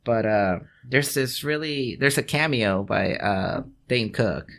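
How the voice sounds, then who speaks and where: A man's voice: mid-range voice, animated, takes it slowly, vocal fry, fairly bright tone. A man co-hosting a casual podcast, telling a story in a loose, rambling way. He swears freely, restarts his sentences again and again, and breaks into laughs. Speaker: podcast co-host. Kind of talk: casual chat.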